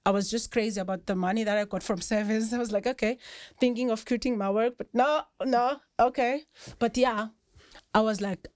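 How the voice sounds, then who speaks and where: Lively South African woman telling stories. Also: fairly high pitch, a little fast, dry recording, clean studio sound. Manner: lively storyteller, often breaks into laughter. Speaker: podcast guest, rugby player. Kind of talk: casual storytelling chat.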